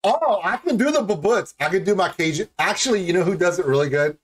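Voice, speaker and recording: A man chats through his reaction to a music video with a rambling, jokey energy. His pitch jumps up and down a lot, and he keeps laughing at his own tangents. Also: animated, quick pace. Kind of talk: casual reaction commentary.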